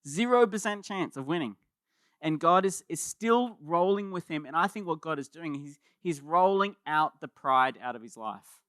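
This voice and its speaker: A man preaching a sermon as pastor, in a conversational and animated way, often repeating words as he starts a thought. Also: on the high side, normal speed, no echo, clean studio sound.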